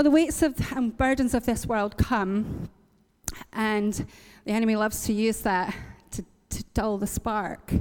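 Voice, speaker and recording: A woman's voice: fairly high pitch, a little mellow, in a large hall. A woman from Northern Ireland preaching a sermon, earnest and encouraging, repeating lines for emphasis. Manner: earnest, encouraging, with light laughs and repetition for emphasis.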